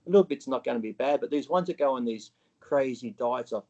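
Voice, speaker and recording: A man's voice: medium pitch, fast talker, darkish tone, highs cut off. A man talking as an interview guest in a casual, blunt way, swearing freely and acting out what other people say.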